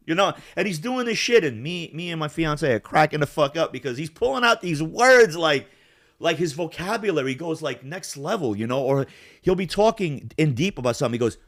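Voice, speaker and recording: A middle-aged man from Yugoslavia telling a long story in casual chat, animated and profane, acting out both sides of a phone call. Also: on the high side, brisk, dry recording, clean studio sound. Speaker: podcast co-host.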